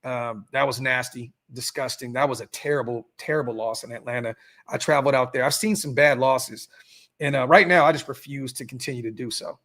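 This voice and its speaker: A man's voice: mid-range voice, brisk, fairly bright tone. A man hosting a casual sports fan podcast, ranting bluntly with lots of fillers, repeats and swearing. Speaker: podcast host.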